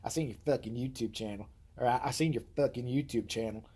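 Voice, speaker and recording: A man doing a husky, foul-mouthed redneck trucker. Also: medium pitch, fast, mellow, close to an everyday voice. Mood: scolding. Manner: profane, blustering, scolding. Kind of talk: comic impression monologue.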